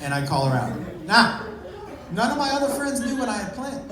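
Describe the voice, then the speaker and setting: A man telling a story in a stand-up set, punchy and loud at times, swearing freely. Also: very high voice, sing-song, fairly quick. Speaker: stand-up comedian. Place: comedy club stage with a live audience. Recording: echoey, distant live club recording with a loud crowd.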